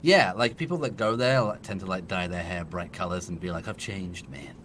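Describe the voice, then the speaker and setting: A man's voice: sits low, brisk, heavy background noise. A man in his thirties with an English accent, a podcast guest telling a long, laughing story in casual chat. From England.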